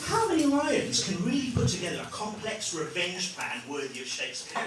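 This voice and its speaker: A British stand-up comedian in his forties, animated and self-deprecating, his pitch leaping high as he riffs. The voice carries through an echoey comedy club, heard from some distance, with a heavy wash of noise behind. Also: a little fast, hardly any pauses. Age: 40s. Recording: roomy, distant, noisy club.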